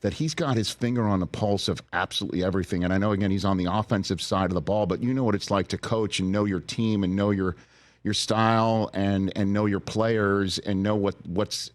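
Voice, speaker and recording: A man's voice: fairly low pitch, dry recording. A man hosting a sports talk show, chatting casually with a guest and laughing along. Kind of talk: casual interview.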